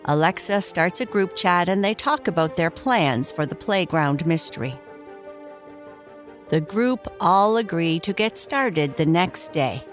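A woman hosting a bedtime story show, reading listener shout-outs and narrating a children's story in a slow, soothing way. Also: on the low side, animated, soft background music. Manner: slow, soft and soothing, reading names warmly. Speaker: storyteller host.

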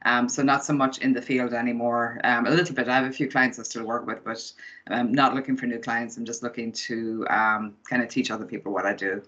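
A woman's voice: very deep voice, level tone, a little fast, fairly bright tone. An Irish woman, a business mentor, talking as an interview guest in an upbeat, easygoing way. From Ireland. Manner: upbeat, laughing easily, explains in plain terms. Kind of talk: casual interview chat. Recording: dull lo-fi call audio.

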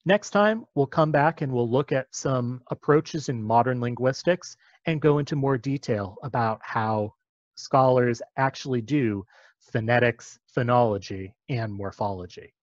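A man's voice: medium pitch, a little slow, no echo, muffled recording. Man giving a patient linguistics lecture. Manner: patient, methodical explaining. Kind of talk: explanatory lecture.

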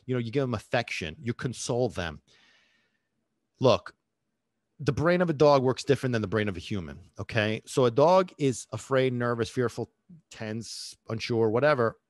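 A male dog trainer hosts a podcast monologue. His pitch rises and falls a lot as he acts out voices and checks in with listeners. The sound is close and dry. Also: dry recording. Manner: animated, acts out voices, asks listeners questions.

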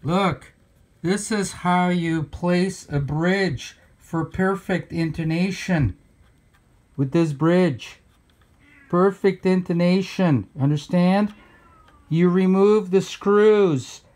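A guitar builder filming himself with a handheld camera, talking sarcastically and ranting in mock bitterness. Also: male voice, sits high, slow pace, a little mellow. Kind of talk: sarcastic workshop vlog. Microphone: handheld camera mic.

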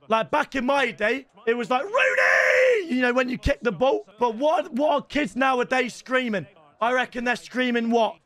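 A young British man streaming a football game, excitable, swearing and shouting, calling viewers lads. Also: very high voice. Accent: British English. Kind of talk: live gaming commentary.

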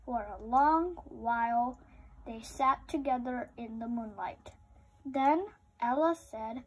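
A woman reading a children's picture book aloud with slow, expressive storytelling. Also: fairly high pitch, slightly rough, muffled recording.

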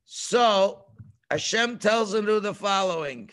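A man teaching a children's religious class over a video call, telling the story in an animated way and acting out the voices. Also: high-pitched, measured pace, vocal fry.

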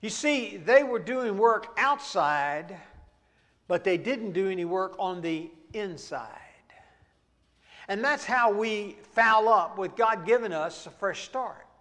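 A middle-aged man, teaching a church Bible study in folksy storytelling style that breaks into sudden shouts. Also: high-pitched, lively intonation, takes it slowly, big-room sound. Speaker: pastor. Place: church auditorium.

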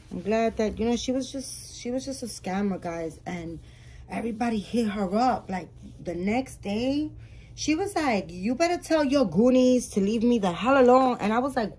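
A woman vlogging about her reborn dolls, telling a story in a chatty, animated way with many restarts and asides to viewers. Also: medium pitch. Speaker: doll collector YouTuber. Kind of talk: casual vlog storytelling.

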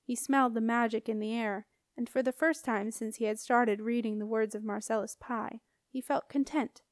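A woman's voice: on the high side, steady tone, moderate pace, dry recording. Woman reading a storybook, dry sound. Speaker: audiobook reader. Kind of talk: scripted audiobook narration.

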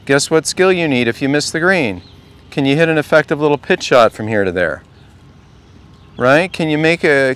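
A man's voice: fairly high pitch, smooth. A man coaching a group at a golf clinic, talking casually and asking the group question after question. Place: outdoor golf practice range.

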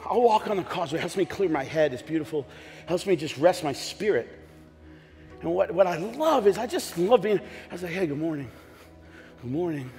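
Brief: male pastor, high voice, joking storyteller with shouted bursts, long echo in a church hall, faint music. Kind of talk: sermon. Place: church sanctuary.

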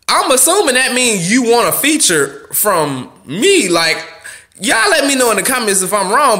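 Young guy ranting on his vlog, high bright voice, cussing a lot, blunt. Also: normal speed. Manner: blunt, slangy, profane, animated. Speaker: vlogger. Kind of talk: casual advice rant.

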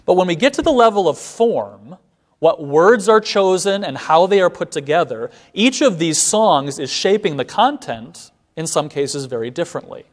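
A man giving a seminary classroom lecture, explaining step by step and slowing down to recite lines of verse. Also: on the high side, animated.

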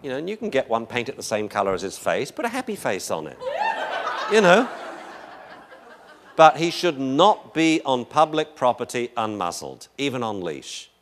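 A man's voice: medium pitch, sing-song, normal speed, noisy background. Joking man giving a lecture. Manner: chatty, joking, anecdotal. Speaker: dog behavior lecturer. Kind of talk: live lecture to an audience.

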